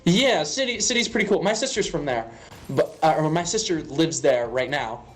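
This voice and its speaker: A man's voice: a little high, lively intonation, normal speed, fairly bright tone. A young man from Western Pennsylvania, streaming and rambling jokily through a casual chat. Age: young adult. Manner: rambling, joking, fillers.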